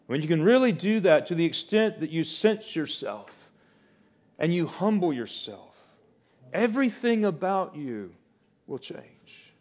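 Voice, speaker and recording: A man preaching a sermon, swinging from loud, rising declarations to soft, slow, hushed passages. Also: fairly high pitch, expressive.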